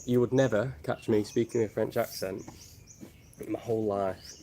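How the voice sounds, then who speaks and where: A man's voice: lowish voice, steady tone, moderate pace, mellow, slight background noise. A man from Northern England, chatting casually on a travel livestream and reading out viewer questions with jokes. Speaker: travel vlogger. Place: outdoors in Thailand with birds and geckos around.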